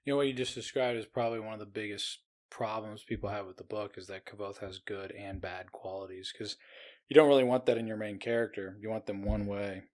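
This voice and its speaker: A man's voice: fairly low pitch, steady tone, fairly quick, darkish tone. Jokey man on a podcast. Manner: laughs often, jokey. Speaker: podcast co-host. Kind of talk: casual book discussion chat.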